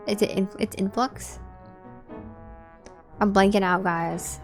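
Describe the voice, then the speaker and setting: A woman's voice: medium pitch, fairly even intonation, slow, pauses often, soft background music. A woman streaming a game and chatting casually with her viewers, musing aloud. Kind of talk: casual gameplay commentary.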